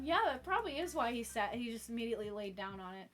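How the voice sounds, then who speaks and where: A woman's voice: on the high side, very animated, quick pace, fairly bright tone, soft background music. A young woman streaming from her room at home, chatting casually with viewers and her cat and laughing often. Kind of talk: casual live-stream chat.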